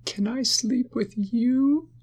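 A woman's voice: on the high side, slow, crowd noise, pitched above the performer's own voice. A woman voicing a tiny, frightened centipede in a bedtime story, speaking in a small pleading voice.

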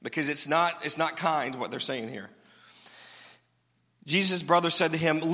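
A man's voice: on the high side, sing-song, normal speed, bright, forceful tone, long reverb tail. A pastor giving a sermon in a casual, joking way, often asking his listeners questions. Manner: conversational, joking, asks the crowd questions.

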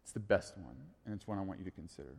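A pastor with a deep, slightly rough voice and vocal fry delivers a sermon very fast in a church sanctuary. He keeps it casual and conversational, swinging between quiet asides and animated storytelling. The recording carries the long reverb of a large hall.

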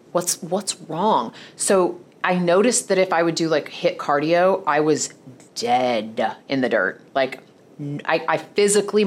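A woman hosting a solo podcast, talking candidly and bluntly, with plenty of swearing and restarts. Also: low voice. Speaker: podcast host. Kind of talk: casual solo podcast monologue.

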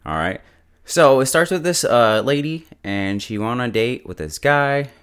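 A man casually recapping a TV episode beat by beat, chatty and quick to joke and laugh. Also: mid-range voice, lively intonation, fairly bright tone, clean tone. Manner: chatty, laughs often, quips. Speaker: show reviewer.

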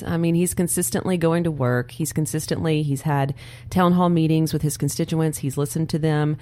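A woman's voice: low-pitched, steady tone, normal speed, mellow. A woman co-hosting a political podcast in a studio, speaking earnestly and laughing between points. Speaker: podcast co-host.

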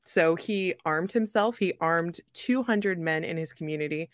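A young adult woman hosting a podcast, telling a story in a lively, joking way and laughing often. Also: fairly low pitch, measured pace, no room sound. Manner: animated, jokey, laughs often. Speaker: podcast host. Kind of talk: casual storytelling chat.

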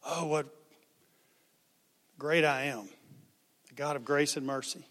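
A man's voice: a little high, slow pace, in a large hall. A man giving a sermon as pastor, talking conversationally and acting out the people in the story. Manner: conversational, animated, acts out quotes.

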